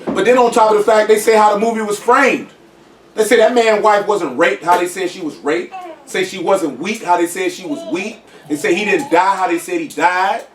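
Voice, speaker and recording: In a relaxed group discussion, a man with a high-pitched voice talks at a normal pace, insistent and emphatic, often checking with "you know what I'm saying" whether others follow. He's heard from a distance in a room with echo.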